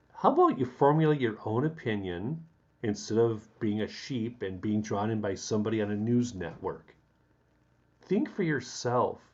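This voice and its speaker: A man's voice: fairly low pitch, darkish tone. A man hosting a casual live stream, rambling and chuckling as he talks to viewers by name and rants about the news. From Chicago area. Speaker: livestream host. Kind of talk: casual live chat, ranting. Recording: dull lo-fi stream audio.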